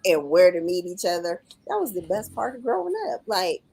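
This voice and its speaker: A woman co-hosting a casual podcast chat, telling relaxed stories with laughing asides. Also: on the low side, a crowd in the background. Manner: relaxed storyteller, drawn-out phrasing and laughing asides. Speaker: podcast co-host.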